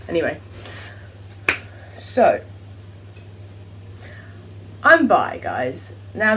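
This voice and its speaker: A woman's voice: medium pitch, distant mic, slight background noise. A teenage girl from England with an English accent, chatting to camera in a casual, self-mocking vlog. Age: teens. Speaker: vlogger.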